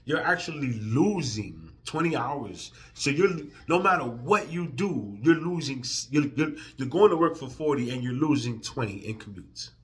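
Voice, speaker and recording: A man ranting emotionally in a profane vlog, drifting from quiet, weary talk to loud, heated outbursts. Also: medium pitch, expressive, normal speed, few pauses. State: emotional, near tears. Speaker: vlogger.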